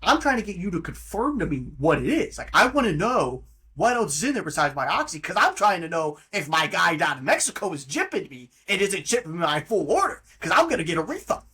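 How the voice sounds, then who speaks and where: A man hosting a podcast, telling a story in a mocking, profane and animated way. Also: high-pitched, a little fast, husky. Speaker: podcast host. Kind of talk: casual storytelling monologue.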